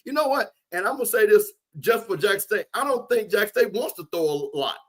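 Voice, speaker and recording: A man, joking around and talking football in an animated, teasing way as co-host of a sports show. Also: high voice, fairly quick. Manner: animated, joking, repeats names for emphasis. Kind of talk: comedic sports chat.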